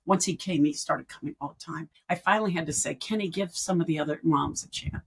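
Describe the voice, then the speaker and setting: Husky-voiced woman telling her story. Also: on the low side, rough recording. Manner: animated storyteller who acts out quoted speech. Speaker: guest, end-of-life doula and grief educator. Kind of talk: personal storytelling in a podcast interview.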